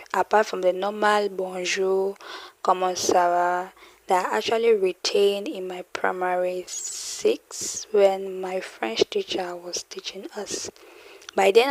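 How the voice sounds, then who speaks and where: A woman teaching a French lesson in English, repeating each phrase slowly and translating it, often checking in with "okay?". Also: mid-range voice, a little mellow, no room sound. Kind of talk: slow spoken language lesson.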